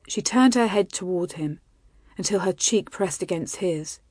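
Soft-spoken woman narrating a romance. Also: lowish voice, husky, no echo. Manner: soft, intimate, measured reading. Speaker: audiobook narrator.

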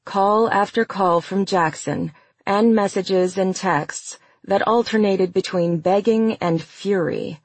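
A narrator reading a novel aloud in a measured, even storytelling manner. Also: medium pitch, breathy edge, no echo. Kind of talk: audiobook narration.

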